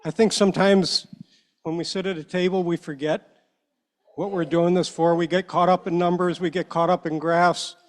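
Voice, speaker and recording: A man addressing a public meeting as a panel member, earnest and a little halting, emotional as he speaks. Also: sits high. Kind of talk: heartfelt speech at a meeting. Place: meeting room.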